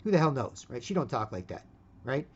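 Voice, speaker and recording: A man's voice: mid-range voice, sing-song, a little fast, husky. A middle-aged man in a casual, rambling monologue, blunt and profane, tagging "right?" onto his phrases. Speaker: video host. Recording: dull lo-fi recording.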